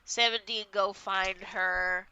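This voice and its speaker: A young woman co-hosting a podcast, congested and stuffy-nosed, rambling through an animated episode recap. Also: mid-range voice, lo-fi sound, a crowd in the background. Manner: rambling, animated retelling with quick voiced quotes. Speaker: podcast co-host. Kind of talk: casual chat, episode recap.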